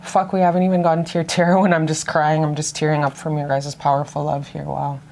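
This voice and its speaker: Low-voiced, profane, gushing woman tarot reader. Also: flat delivery, quick pace, vocal fry, darkish tone, slight background noise. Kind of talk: casual tarot reading to camera.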